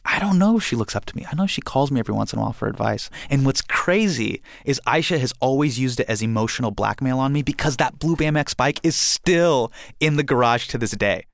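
A man from India telling a personal story, acting out the scenes with animated energy. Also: mid-range voice, fast talker, vocal fry, few pauses, dry recording, clean studio sound.

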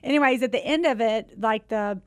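A woman's voice: fairly high pitch, brisk, dry recording, studio quality. A middle-aged woman minister telling a personal story in an earnest, chatty way. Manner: earnest, chatty, laughs easily. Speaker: minister, guest. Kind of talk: casual storytelling.

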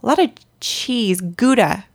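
A woman's voice: fairly high pitch, measured pace, breathy edge. A woman co-hosting a podcast, telling travel and family stories in a chatty, rambling way and laughing often. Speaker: podcast co-host. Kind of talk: casual chat.

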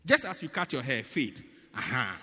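A man preaching a sermon in a teaching manner, often checking whether the congregation understands, swinging between loud bursts and quiet asides. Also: medium pitch, very animated, moderate pace, husky, in a large hall. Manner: teaching, repeatedly asking the congregation "do you get it?".

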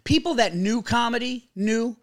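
A man, a comedian telling stories on a podcast, animated and swearing freely. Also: very high voice, normal speed, dry recording, studio quality. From New York. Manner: animated storyteller, swears freely, acts out quotes. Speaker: comedian guest. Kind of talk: casual podcast chat.

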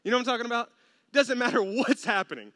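An animated man preaching a lively, humorous sermon. His voice is high and bright, and the sound is dry and close. He acts out little voices as he tells the story. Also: fast talker, dry recording. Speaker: pastor.

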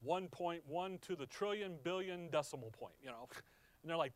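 A man teaching a sermon through a Bible passage, asking the congregation questions and checking that they follow. He swings from emphatic peaks to low, quiet asides. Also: lively intonation, moderate pace, no echo. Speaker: pastor.

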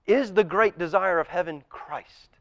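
A man preaching a sermon as pastor, impassioned and swinging between loud emphasis and hushed near-whispers. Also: sits high, unhurried, no echo. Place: church auditorium.

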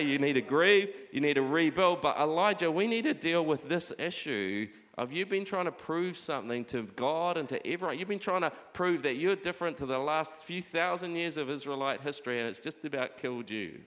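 A middle-aged man preaching a sermon, urging his listeners on with repeated "come on" and dropping quieter when he reads scripture aloud. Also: a little high, expressive, brisk, hardly any pauses. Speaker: pastor. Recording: long hall reverb.

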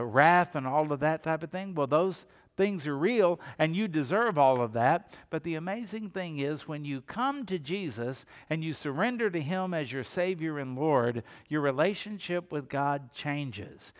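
A man's voice: a little high, big-room sound. A male pastor preaching a sermon, building emphasis with rhetorical questions and repeated phrases.

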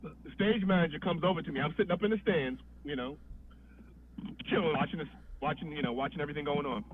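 A man's voice: fairly high pitch, fast, phone-quality sound, slight background noise. A man, a podcast guest, telling a long story in a loose, profane way, often restarting his sentences. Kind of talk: casual storytelling.

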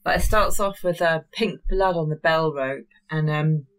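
A woman joins a casual podcast chat about films. Her voice is fairly low for a woman. She sounds dry and scornful as she picks films apart. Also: unhurried, low-quality recording. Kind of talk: casual film-review chat.

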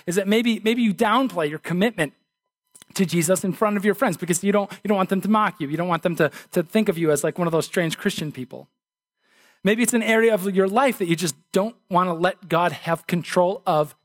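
Male pastor, 30s, casual and self-deprecating sermon; high voice, dry close sound. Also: dry recording.

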